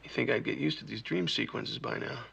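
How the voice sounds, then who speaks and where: An actor voicing a wry, lovesick man in a claymation scene, sardonic and low-key. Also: a little fast, creaky, a bit bright, husky, lo-fi sound, full character voice. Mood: moping. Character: lovesick man, clay-animated, wry and sulky.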